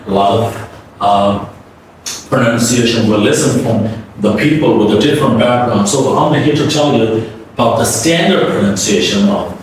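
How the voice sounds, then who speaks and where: A man teaching English pronunciation, modeling words slowly and repeatedly and asking the listener to say them back. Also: lowish voice. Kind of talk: classroom-style pronunciation lesson. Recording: echoey room from a distance with faint background hum.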